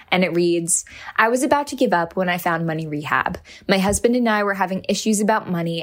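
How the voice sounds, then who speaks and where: Lower-voiced woman reading listener reviews, amused and bright. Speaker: producer.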